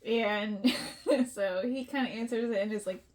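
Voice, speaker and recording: A woman's voice: on the high side, unhurried, darkish tone. A woman co-hosting a casual book podcast, giggling, swearing casually and acting out characters.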